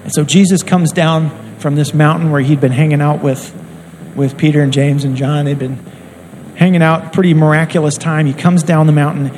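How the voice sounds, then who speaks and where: A man's voice: on the high side, little pitch movement, moderate pace, a little mellow, a little hiss or hum, poor audio. A man preaching a sermon in an earnest, conversational way, acting out quotes as he goes.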